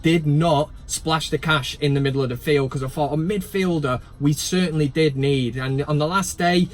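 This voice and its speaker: A man's voice: a little high, fairly even intonation, moderate pace. A man hosting a football vlog, chatting casually in a rambling, jokey, self-mocking way, recorded on a camera without a separate microphone inside a van. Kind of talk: casual chat. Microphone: camera's built-in mic, no microphone.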